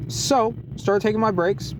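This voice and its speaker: A man telling a work story in a casual, animated vlog, with many restarts and short laughs. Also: high voice, measured pace, noisy background. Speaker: deli worker venting in a vlog. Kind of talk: casual chat.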